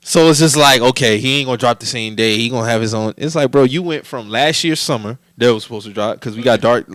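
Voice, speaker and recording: Young guy hosting a podcast, talks real fast and slangy, dry close mic. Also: mid-range voice, fairly bright tone, no echo. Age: 20s. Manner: loose, slangy, rapid-fire. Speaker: podcast host. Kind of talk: casual chat.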